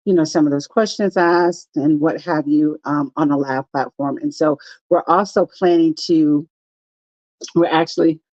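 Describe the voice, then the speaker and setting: A woman's voice: low-pitched, steady tone, a little slow, a little mellow, no room sound, lo-fi sound. A middle-aged woman co-hosting a live chat show, talking in a direct, matter-of-fact way. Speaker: co-host.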